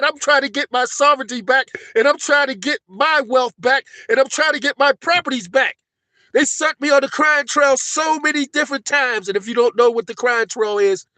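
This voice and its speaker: A man ranting on a live stream, agitated and profane, swinging between shouting and low, emotional muttering. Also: no echo. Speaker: livestream host.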